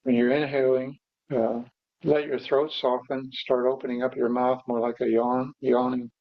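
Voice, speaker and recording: A man teaching meditation, guiding breathing exercises slowly and haltingly, with pauses and fillers. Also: mid-range voice, little pitch movement, no room sound. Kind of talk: guided breathing instruction. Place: meditation hall. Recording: dull, dry lo-fi recording.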